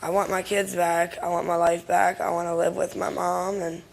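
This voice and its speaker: A young woman, a guest on a talk show, speaking in a subdued way with a gravelly, creaky voice. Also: lowish voice, flat delivery, normal speed, slight background noise, low-quality recording. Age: young adult. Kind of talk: confessional talk.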